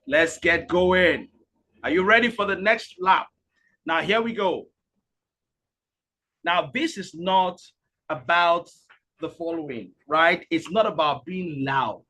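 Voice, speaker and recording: A man hosting a live webinar, energetic and repetitive, urging the audience to type into the comments. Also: a little high, husky. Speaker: webinar host and speaker.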